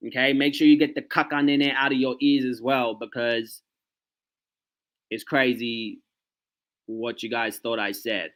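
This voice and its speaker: Male vlogger, mid-pitched, casual ranting reaction commentary. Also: little pitch movement, measured pace, long pauses, fairly bright tone. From Australia. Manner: ranting, talks straight to viewers with frequent "okay" and "like".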